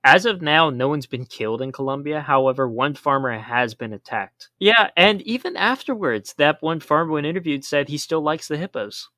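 Bright-voiced man explaining emphatically. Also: a little high, animated, moderate pace, few pauses, dry recording, studio quality. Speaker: podcast co-host. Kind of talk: casual chat.

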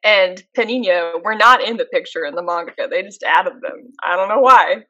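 A young woman chats casually with a friend, her voice bright and clear at a middle pitch. She gushes with enthusiasm and draws out emphatic words. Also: normal speed, muffled recording. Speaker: podcast co-host. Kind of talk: casual chat.

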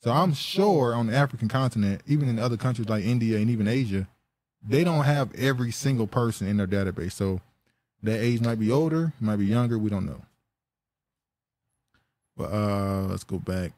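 A man's voice: mid-range voice, expressive, normal speed, a little mellow, no echo. Joking, laughing male podcast host. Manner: laughs often, rambling and joking. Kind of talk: casual podcast chat.

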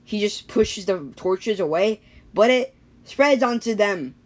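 A woman casually telling an improvised story, rambling and animated, with sound effects. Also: medium pitch, a little slow, no echo.

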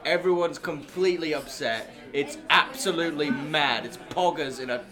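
A man voicing a distraught young male English football fan reporting from London, with a put-on London accent, swearing and excitable. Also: on the high side, moderate pace, over music, pitched above the performer's own voice, natural voice.

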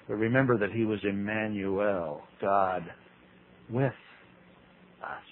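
A man teaching the Bible in a humorous sermon, telling stories with big leaps in pitch and acting out quotes in voices. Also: slow, pauses often. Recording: tinny radio broadcast with faint hiss.

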